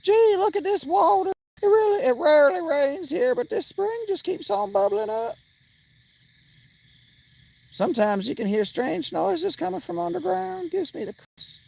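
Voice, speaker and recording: A man voicing a high-voiced island villager in a game, with a slow, exaggerated Appalachian drawl. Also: very animated, gravelly, darkish tone, heavily acted, poor audio. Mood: folksy.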